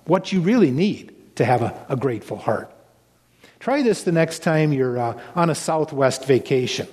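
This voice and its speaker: A man's voice: medium pitch, animated, a little fast, darkish tone, breathy edge, in a large hall. A man preaching a sermon as pastor, in an earnest, questioning delivery.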